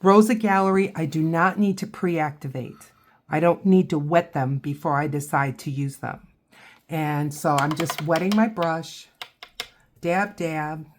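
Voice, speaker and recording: Woman, watercolor tutorial, chatty, thinks out loud, lowish voice, slow pace. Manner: chatty, thinks aloud while working. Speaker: watercolor instructor. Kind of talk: casual painting tutorial.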